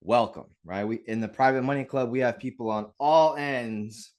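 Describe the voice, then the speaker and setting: A man hosting a live real estate webinar, talking in an energetic, upbeat way straight to his audience over a video call mic. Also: medium pitch, normal speed. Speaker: webinar host.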